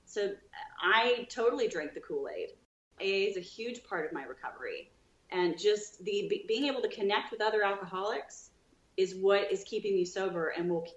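A woman guest on a podcast, telling her own story with lively, acted-out dialogue. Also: lowish voice, roomy sound, lo-fi sound. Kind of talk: storytelling in an interview.

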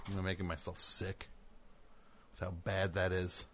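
With a deep, level voice and a measured pace, a middle-aged radio host wanders through a self-interrupting, digressive on-air monologue, dropping in sarcastic remarks along the way.

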